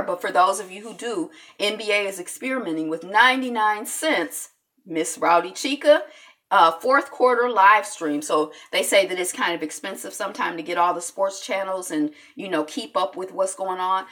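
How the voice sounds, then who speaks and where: A woman hosting a casual news chat show, chatty, answering viewers and swooping from high exclamations to soft mutters. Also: lively intonation, moderate pace. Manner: chatty, reads comments from viewers.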